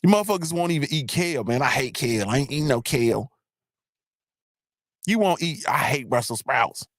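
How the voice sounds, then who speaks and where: A man's voice: mid-range voice, expressive, a little fast, no echo, clean studio sound. A man hosting a live online show, ranting in a casual, profane, repetitive way. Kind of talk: casual comedic rant.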